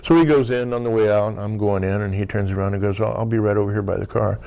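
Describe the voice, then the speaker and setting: A fast-talking American man in his sixties has a lowish, warm, creaky voice with a steady tone. Appearing as a guest in a casual storytelling interview, he tells a long, loose anecdote peppered with "you know" and acted-out dialogue.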